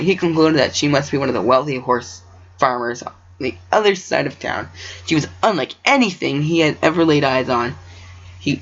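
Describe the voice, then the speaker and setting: Over a dull lo-fi recording, an amateur reader reads his own story aloud, stumbling over words and breaking off into joking asides. His voice is mid-range and a bit bright.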